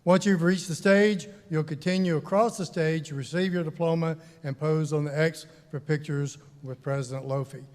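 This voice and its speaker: A Southern-accented man announces graduates one by one in a slow, measured ceremony voice. His pitch sits high for a man. A long reverb trails every name through the big hall. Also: steady tone, a little mellow. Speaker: dean reading graduates' names.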